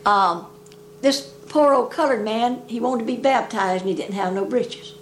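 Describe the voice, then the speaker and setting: A woman's voice: a little high, moderate pace, slight background noise. An older woman telling folk jokes in a rambling, folksy dialect. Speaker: storyteller.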